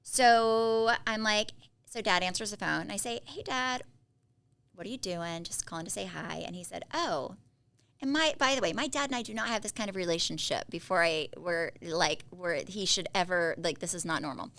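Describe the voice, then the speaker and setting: A woman co-hosting a podcast, chatting casually and telling animated stories. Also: lowish voice, moderate pace. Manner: chatty storyteller, animated quotes. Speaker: podcast co-host. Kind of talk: casual chat.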